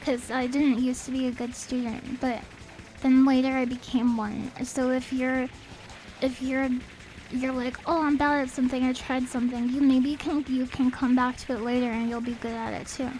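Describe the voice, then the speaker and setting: Brief: bright, high-pitched woman game streamer, rambling and playful, slightly sniffly. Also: little pitch movement, moderate pace, slight background noise, poor audio. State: a little sniffly. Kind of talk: casual game stream chat. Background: faint game music.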